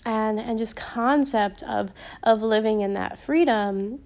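A woman's voice: on the high side, slow pace, creaky, a little mellow. A young woman hosting a casual Christian podcast, with a slight Upper Midwestern accent, chatty and rambling with many ums and restarts. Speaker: podcast host.

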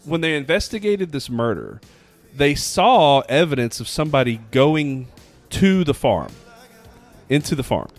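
A podcast co-host with a slightly high, sing-song voice tells a story at an unhurried pace as faint music plays behind. It's casual, chatty storytelling, hesitant and packed with fillers.

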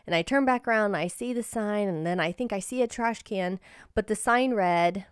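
A woman's voice: medium pitch, normal speed, clear, resonant tone, no echo, clean studio sound. A woman hosting a personal storytelling podcast, telling a story in an earnest, encouraging way. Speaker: podcast host and life coach.

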